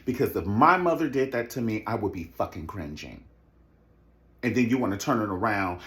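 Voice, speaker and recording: Animated, sassy man ranting. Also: fairly quick. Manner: animated, sassy, swings into mocking high impressions. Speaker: reality TV commentator. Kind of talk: profane recap rant.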